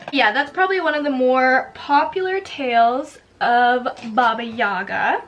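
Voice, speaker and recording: Chatty high-voiced woman vlogger. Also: a bit bright. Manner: chatty, sarcastic, says "like" and "girl" often. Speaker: spooky lifestyle vlogger. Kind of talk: casual storytelling while doing makeup.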